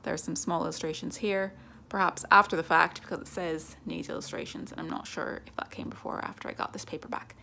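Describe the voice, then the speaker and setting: A woman reading her own childhood story aloud in a put-on Irish accent, chatty and self-deprecating, with soft whispered asides, at home with her cat. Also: sits low, fairly even intonation, fast talker, vocal fry, hardly any pauses, slight background noise.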